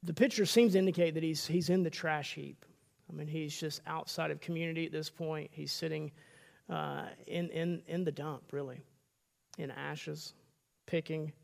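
High-voiced gravelly male preacher. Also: steady tone, normal speed. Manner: emphatic, stammering restarts, acts out quoted voices. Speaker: pastor. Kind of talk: sermon.

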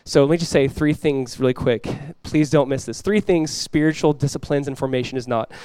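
Energetic young male pastor, smooth voice. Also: mid-range voice, brisk, no room sound. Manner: energetic, conversational preaching with frequent restarts. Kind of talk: sermon.

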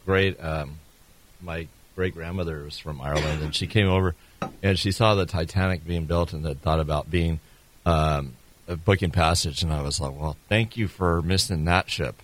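A man co-hosting a talk show in casual chat, halting with many fillers. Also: extremely low pitch, steady tone, slight background noise.

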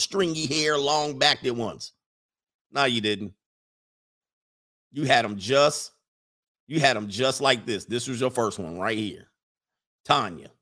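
Animated man in his forties, AAVE. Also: mid-range voice. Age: 40s. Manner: animated, laughing, slangy storytelling. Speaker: commentator. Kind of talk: casual comedic commentary.

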